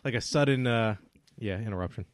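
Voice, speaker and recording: A man's voice: medium pitch, fairly quick, no room sound. A man co-hosting a podcast in casual chat, reacting with short interjections and teasing banter. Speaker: podcast co-host.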